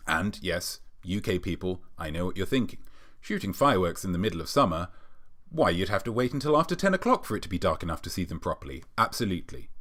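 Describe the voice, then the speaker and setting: Sarcastic British man, lively low voice. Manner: sarcastic, mock-smug, playfully self-aggrandizing. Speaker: host of a weekly live show. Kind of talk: comedic live-stream monologue.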